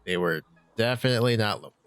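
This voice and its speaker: A man's voice: on the low side, animated, quick pace, a bit bright, clear, resonant tone. A man reading a visual novel aloud in a conversational way, adding asides and restarting lines. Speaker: let's play reader.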